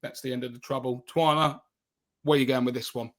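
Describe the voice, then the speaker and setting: A man's voice: medium pitch, steady tone, fairly quick. A man co-hosting a comedy podcast, chatting casually, joking and swearing freely, often stumbling and restarting. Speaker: podcast co-host.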